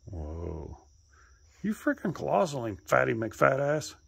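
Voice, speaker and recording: A man talking to his pets outdoors in a coaxing, playful way, calling them in high sing-song baby talk and teasing them with mild swearing. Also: huge pitch swings, slow pace, vocal fry, slightly rough. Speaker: pet owner filming animals. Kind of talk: casual talk to animals.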